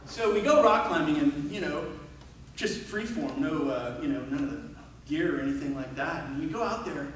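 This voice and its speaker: A man's voice: a little high, animated, normal speed, distant mic, a little hiss or hum. A man giving a storytelling memorial speech at a school reunion, acting out voices and joking about himself. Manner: storytelling, acts out voices, self-mocking humor. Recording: very echoey hall, voice from afar.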